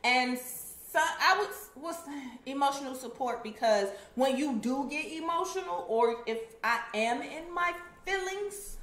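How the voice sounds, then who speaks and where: Emphatic blunt woman, higher voice. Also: animated, unhurried, hardly any pauses, fairly bright tone, reverberant. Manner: emphatic, blunt, says "period". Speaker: co-host. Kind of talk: casual chat.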